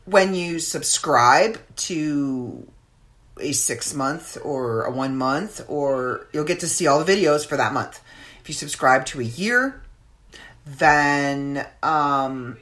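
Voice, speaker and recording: A woman's voice: sits low, a bit bright. A woman hosting her own podcast in casual, rambling chat, with many fillers. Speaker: podcast host.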